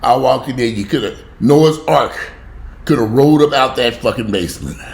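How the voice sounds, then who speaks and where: A man's voice: moderate pace, creaky, darkish tone. A man in an angry, profane rant at home, heated and swearing. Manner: heated, swearing, pitch jumping up when outraged. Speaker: vlogger. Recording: echoey room with faint ambience.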